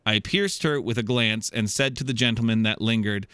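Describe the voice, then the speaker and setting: The voice is a man's, medium in pitch, clear and resonant, moving at a moderate pace in a dry recording. As a comedy podcast host, he reads a listener's story out loud, laughing and adding animated, joking asides.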